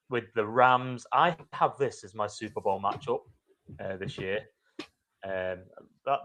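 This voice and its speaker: A man's voice: on the low side, fairly bright tone. A man hosting a podcast, upbeat and easygoing in casual chat over a video call. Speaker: podcast host.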